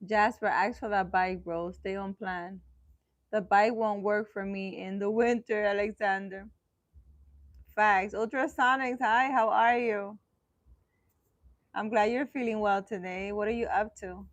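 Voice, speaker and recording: A woman hosting a casual livestream, bantering with her viewers in a teasing, emphatic way. Her voice sits at an ordinary middle pitch and sounds dry and close, with no room around it. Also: steady tone, measured pace, dry recording. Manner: playful and teasing, emphatic, laughs often. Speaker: livestream host answering viewers.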